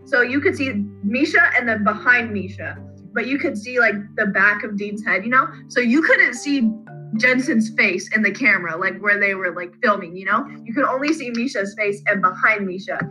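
A woman co-hosting a casual fan podcast, retelling scenes in a rambling, animated way. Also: medium pitch, moderate pace, faint music behind, low-quality recording. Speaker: podcast co-host.

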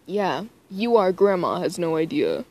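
A woman's voice: lowish voice, big pitch swings, unhurried, darkish tone. A woman reading a blunt, impatient young man. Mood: teasing.

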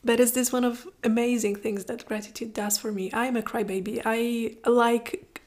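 A woman speaking in a heartfelt, reflective personal monologue, often dropping to a soft whisper and moved to tears. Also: fairly high pitch, fairly even intonation, moderate pace. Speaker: vlogger.

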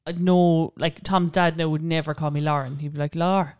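A woman's voice: low-pitched, fairly even intonation, fairly quick, a little mellow, clear, resonant tone, no echo, clean studio sound. A young woman with a Cork accent, co-hosting a podcast in casual, chatty talk, laughing often. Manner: chatty, laughs often, playful name-mimicking. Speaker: podcast co-host. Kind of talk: casual chat.

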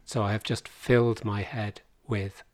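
A man's voice: lowish voice, flat delivery, measured pace, a little mellow, dry recording. A man in his fifties, a podcast guest telling a long, rambling story with dry humour. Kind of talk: casual conversation.

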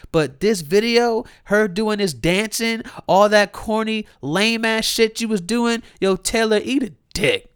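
A man's voice: sits high, clean tone, dry recording. Heated, cursing young man with a dry voice. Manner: heated, mocking, swinging between loud outbursts and muttered asides. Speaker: commentator. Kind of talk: profane comedic rant.

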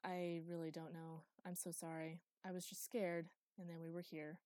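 A woman voicing a young female ship AI in an audiobook, speaking softly and hesitantly with guilt. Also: fairly low pitch, level tone, normal speed, dry recording, lightly acted. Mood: apologetic.

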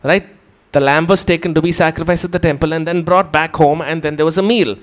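A man's voice: a little high, steady tone, a little fast. A man preaching a teaching sermon, explaining step by step and putting questions to his listeners.

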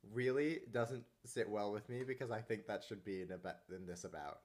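A man's voice: on the low side, moderate pace, a little mellow. A man co-hosting a podcast, chatting casually with friends in a teasing, playful way. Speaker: podcast co-host.

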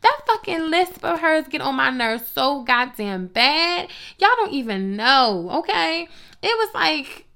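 Sassy woman spilling reality tv tea, bright voice, cusses a lot, pitched a bit high. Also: unhurried, gravelly. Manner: blunt, profane, sassy, animated asides. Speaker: gossip vlogger. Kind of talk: casual reality TV gossip commentary.

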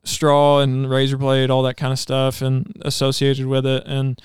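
A man's voice: mid-range voice, monotone, moderate pace, clear, resonant tone, no echo, studio quality. A man on a podcast sharing a personal testimony in casual chat, telling it earnestly and rambling, with many restarts. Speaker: podcast co-host.

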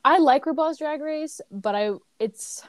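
A young woman chatting casually with a friend over a video call during a quiz game, animated and swearing, laughing often. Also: high voice, unhurried, slight background noise.

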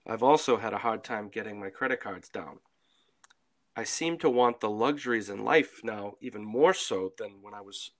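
A middle-aged man and father co-hosting a recovery podcast, speaking in a steady, read-from-notes way. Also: fairly low pitch. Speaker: podcast co-host. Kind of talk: scripted podcast talk.

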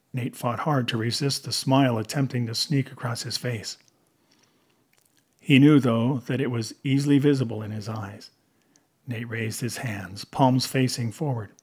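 A man reading a novel aloud as an audiobook narrator, in a measured, even way. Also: mid-range voice, husky.

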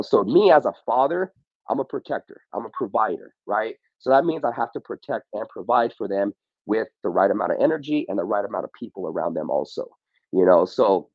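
A man's voice: on the low side, no room sound, lo-fi sound. A man speaking as a podcast guest in casual motivational talk, often saying "bro" and "you know what I mean".

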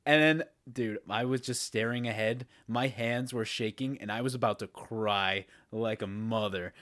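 Young male podcast co-host, animated storyteller, dry close sound. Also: fairly low pitch, normal speed, no room sound. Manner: animated storyteller, laughs often. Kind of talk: casual chat.

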